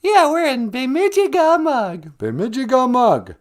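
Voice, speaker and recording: A man voicing a squeaky, giggly female sidekick in a high falsetto. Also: very animated, measured pace, heavily acted. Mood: bubbly.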